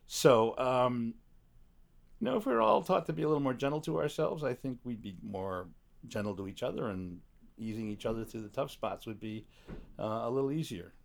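A man's voice: mid-range voice, expressive, fairly quick, gravelly. A middle-aged man in casual conversation, reflective and blunt, swearing now and then, speaking from the back room of a recording studio. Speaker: guest.

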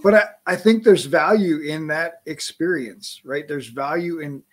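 Man, podcast host, encouraging, reflective, chatty, a little high-pitched. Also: a little slow. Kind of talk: podcast interview.

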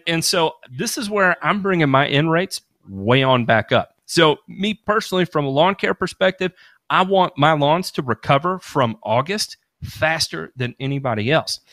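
A man's voice: mid-range voice, a bit bright, no room sound, clean studio sound. A man hosting a podcast, explaining in casual, rambling talk full of restarts. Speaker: podcast host. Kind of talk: casual expert chat.

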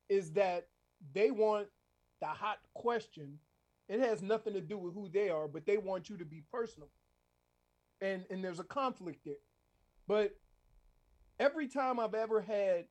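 A man's voice: high-pitched, darkish tone. Easygoing man. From Louisiana. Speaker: former football player, guest. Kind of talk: casual radio chat.

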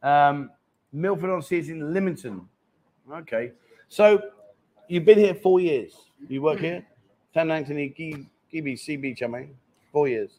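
A man's voice: fairly high pitch, a little slow, pauses often, darkish tone. Chatty middle-aged male show host. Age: 50s. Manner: chatty, teasing banter with guests and viewers. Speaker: live chat show host. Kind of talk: casual live-stream chat.

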